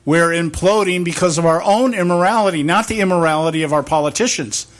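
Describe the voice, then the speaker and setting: Rambling opinionated male talk host. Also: on the high side. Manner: rambling, rhetorical questions, acts out quick back-and-forth exchanges. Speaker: political talk show host.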